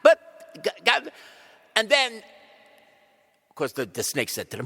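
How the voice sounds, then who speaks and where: Bright, animated male preacher in church. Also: medium pitch, measured pace, long pauses, big-room sound. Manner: animated storytelling, acting out voices, dropping to whispers. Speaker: priest. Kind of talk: retreat sermon. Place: large church.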